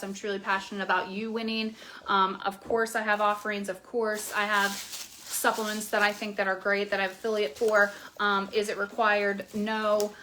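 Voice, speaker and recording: A woman's voice: medium pitch, sharp tone, a little hiss or hum. A young woman coach talking frankly and casually to her viewers, with many fillers. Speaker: keto coach. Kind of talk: casual promotional video talk.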